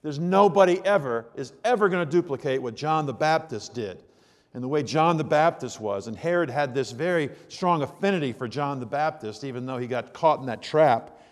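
A man's voice: a little high, expressive, normal speed, big-room sound. A male pastor preaching a sermon in a conversational, joking storytelling manner with asides to the congregation.

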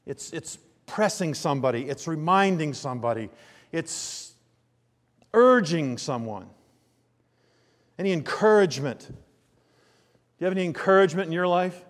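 A man preaching a sermon, telling homely stories with emphatic, drawn-out phrases. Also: a little high, expressive. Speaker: pastor. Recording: long reverb of a large hall.

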